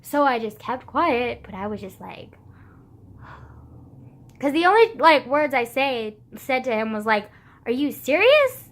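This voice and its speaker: A woman's voice: on the high side, lively intonation, takes it slowly, long pauses. A teenage girl vlogging in casual chat, filling her talk with "like", sighing often and swearing bluntly. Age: teens. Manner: heavy use of "like" as filler, frequent sighs, blunt swearing.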